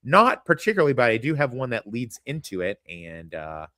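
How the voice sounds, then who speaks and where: A man's voice: mid-range voice, very animated, normal speed, pushed and bright, dry recording, studio quality. A man from Kansas, hosting a crude, rambling podcast chat. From American Midwest, Kansas. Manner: profane, rambling, laughs often. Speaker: podcast host.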